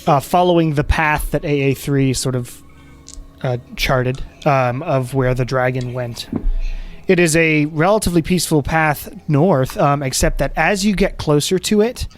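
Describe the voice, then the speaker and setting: A man's voice: a little high, normal speed. A man narrating a tabletop game as game master, casual with many fillers.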